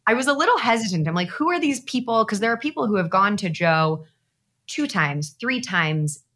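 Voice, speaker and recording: Bright-voiced woman telling a story. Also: mid-range voice, normal speed. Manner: animated, acts out her own past thoughts. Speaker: podcast guest. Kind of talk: casual interview storytelling.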